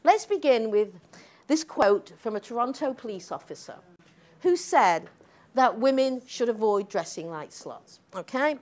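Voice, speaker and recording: Woman, middle-aged, public lecture, emphatic, combative, high-pitched. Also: animated, measured pace, darkish tone. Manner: emphatic, combative, frequent "okay?" tags. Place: lecture hall with audience.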